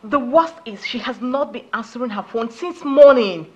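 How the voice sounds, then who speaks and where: A woman's voice: a little high, normal speed, slightly rough. An actress playing a heartbroken young woman, tearful and pleading, in a film drama. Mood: anxious. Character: heartbroken young woman jilted by her lover.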